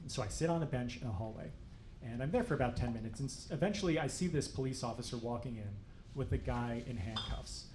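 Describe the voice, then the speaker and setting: A young man doing stand-up, telling a story in a dry, wry, deadpan way to a live audience. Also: mid-range voice, fast. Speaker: stand-up comedian. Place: comedy club stage before a laughing audience. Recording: roomy live club sound, faint crowd noise.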